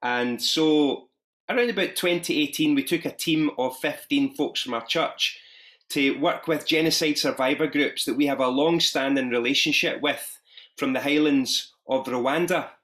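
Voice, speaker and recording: A pastor and social enterprise founder from Ayrshire, Scotland, speaks with a Glaswegian accent on an online video call panel, friendly and self-deprecating in conversation. His voice is fairly high and fairly bright, at normal speed.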